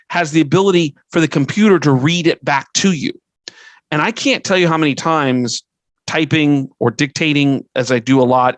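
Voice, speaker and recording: Earnest advice comes from a middle-aged podcast host and fundraising consultant, delivered conversationally as he lists points and repeatedly restarts sentences. His voice is on the high side, and the audio is poor, with no room sound.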